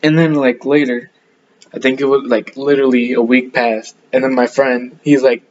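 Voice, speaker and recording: A man's voice: medium pitch, level tone, moderate pace, a little mellow, lo-fi sound, slight background noise. A young man rambling through casual stories, full of fillers and self-corrections, laughing at himself. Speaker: podcast storyteller.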